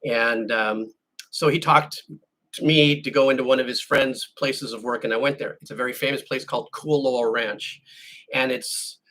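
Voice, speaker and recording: A man's voice: mid-range voice, fairly even intonation, normal speed, bright, forceful tone. A man hosting a music channel, chatting casually with viewers and telling a rambling story that he keeps restarting and correcting. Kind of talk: casual chat answering viewer questions.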